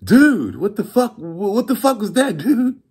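A man's voice: very animated, measured pace, darkish tone, slightly rough, full character voice. A man voicing an anxious young male customer who was cheated and pleads nervously in a raised voice. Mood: exasperated. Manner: pleading, nervous, pitched well above the narrator.

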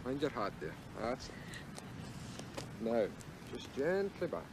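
An actor playing a deferential male Scottish gillie with a Scottish accent, soft-spoken and polite in a 1970s television drama. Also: mid-range voice, big pitch swings, takes it slowly, noisy background. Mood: patient, deferential.

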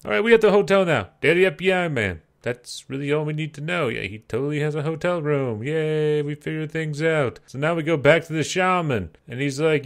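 A man's voice: fairly high pitch, a little fast, hardly any pauses. A man giving sarcastic, mocking commentary over an adventure game walkthrough. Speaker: let's play commentator.

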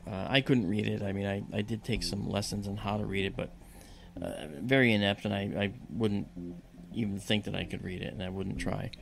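Gravelly-voiced man telling a story. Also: fairly low pitch, a little fast, slight background noise. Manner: lively storyteller who acts out dialogue. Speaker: podcast guest. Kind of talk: casual spoken anecdote.

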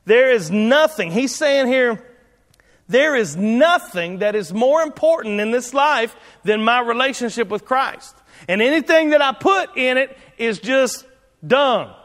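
Pastor, high voice, folksy sermon delivery, echoing church hall. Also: male voice, fairly bright tone. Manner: folksy, conversational preaching with repetitions and restarts.

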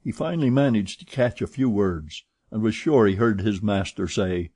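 Male audiobook narrator, low husky voice, steady measured read. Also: dry recording, studio quality.

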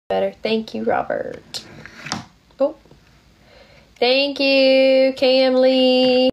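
A woman's voice: high voice, level tone, very slow, creaky, long pauses, dull audio, a little hiss or hum. A young woman, sick and tired, chatting casually on a phone livestream, thanking viewers with lots of fillers.

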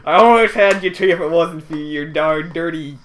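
Deadpan teasing young man. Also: a little high, moderate pace. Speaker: co-host commentating a let's play. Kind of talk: casual banter.

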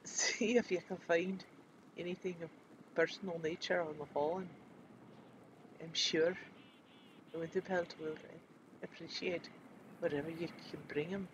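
Grim furbolg quest-giver with a hammy Scottish burr, high-pitched, as a man puts it on, on a dull, noisy track. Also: fairly even intonation, a little slow, long pauses, natural voice. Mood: solemn. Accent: put-on Scottish. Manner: reading quest text aloud.

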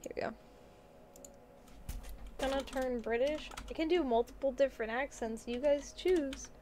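A woman's voice: sits high, normal speed, darkish tone, slight background noise. A young woman streaming a video game, chatting casually and rambling to her chat with frequent giggles.

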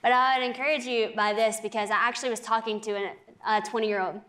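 Young adult woman, TV interview guest, earnest and animated storyteller, bright higher register. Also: quick pace. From United States. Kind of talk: faith testimony in a TV interview.

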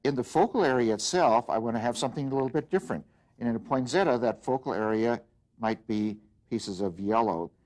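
A man teaching an art lesson, explaining design principles in an unhurried way as he works, with frequent pauses and restarts. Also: lowish voice, darkish tone. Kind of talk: demonstration lesson.

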